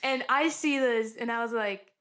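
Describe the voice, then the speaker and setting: A woman's voice: on the high side, moderate pace, a bit bright, clean tone. A young woman co-hosting a podcast from a couch at home, chatting casually and telling stories with frequent giggles. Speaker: podcast co-host. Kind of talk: casual chat. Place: living room couch.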